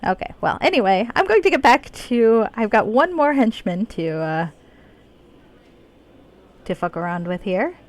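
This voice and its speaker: A woman's voice: on the high side, sing-song, a little slow, long pauses. A woman live-streaming a video game, chatting casually, laughing often and reading the game's dialogue aloud in her own voice.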